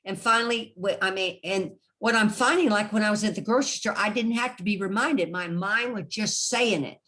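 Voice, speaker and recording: A woman's voice: medium pitch, brisk, pushed and bright. Chatty woman leading an online group. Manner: chatty, encouraging, laughs often. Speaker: study group leader. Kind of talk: casual online group discussion. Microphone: video call.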